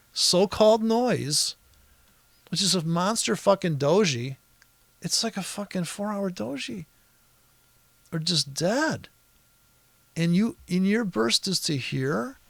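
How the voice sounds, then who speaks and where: A man with a somewhat high, gravelly voice talks through a price chart on a screen recording. He is exasperated and sarcastic, swears freely and rambles through restarts and asides. The sound is dry and close. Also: a bit bright, dry recording.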